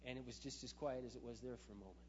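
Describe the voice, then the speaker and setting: A male pastor tells a story from the pulpit in a mid-range voice, animated, swinging from loud emphatic bursts to quiet asides. The recording is dull, with a long hall reverb and a faint hum underneath. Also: medium pitch, racing. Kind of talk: sermon storytelling.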